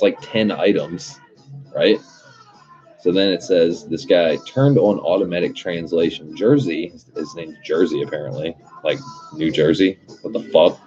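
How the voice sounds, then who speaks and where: A man's voice: low voice, warm tone. A young man hosting a livestream, telling stories in a casual, profane, laid-back way. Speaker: livestream host. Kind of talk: casual rambling chat. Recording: dull lo-fi stream audio with music behind.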